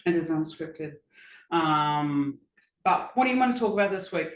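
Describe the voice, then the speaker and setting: A woman's voice: sits low, animated, moderate pace. A woman co-hosting a podcast in casual chat, with bubbly, effusive greetings. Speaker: podcast co-host. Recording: echoey room with faint music.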